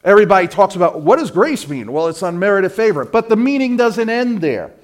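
A middle-aged male preacher with a somewhat high voice delivers a sermon. He builds to loud, fervent peaks, then drops to a low, hushed storytelling tone. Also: big pitch swings, brisk.

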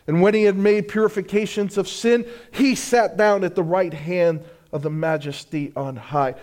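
A middle-aged male pastor preaching a sermon, swinging between loud, slow declarations and hushed, drawn-out lines. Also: high-pitched, steady tone.

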